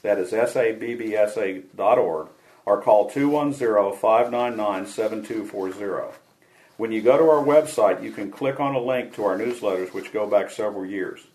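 A man hosting a radio show, reading a scripted dialogue aloud in a measured way. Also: lowish voice, a little mellow, poor audio.

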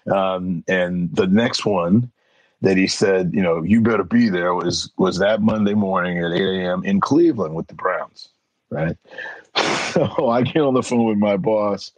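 Slightly slow and deep-voiced, a middle-aged man appearing as an interview guest shares casual anecdotes, animatedly impersonating the people involved. The recording is low-quality, with no echo.

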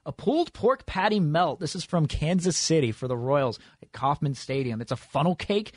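A man's voice: a little high, animated, normal speed, no room sound. A man hosting a sports radio show, quizzing his co-host in a playful, upbeat way.

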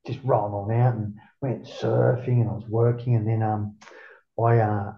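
A man's voice: fairly low pitch, flat delivery, normal speed, creaky. A middle-aged Australian man, an interview guest, telling stories in a rambling, profane way full of "mate". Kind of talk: casual storytelling. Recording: roomy, dull lo-fi sound.

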